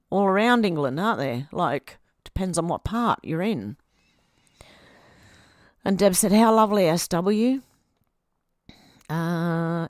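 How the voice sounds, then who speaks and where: A woman's voice: on the low side, dry recording. Chatty Australian woman, dry close sound. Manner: chatty, reads out comments then reacts. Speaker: video host reading viewer comments. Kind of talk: casual live-stream chat.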